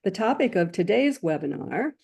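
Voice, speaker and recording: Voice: mid-range voice, sing-song, normal speed, creaky, husky. A webinar host reading scripted announcements and speaker introductions in a formal, polished way. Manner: reads from a script, warm and formal.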